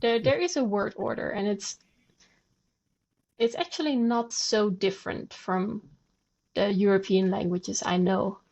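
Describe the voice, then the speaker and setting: A woman's voice: mid-range voice, a little slow, creaky, pauses often, darkish tone. A woman guest on a podcast, patiently explaining language and demonstrating sounds aloud. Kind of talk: conversational explanation.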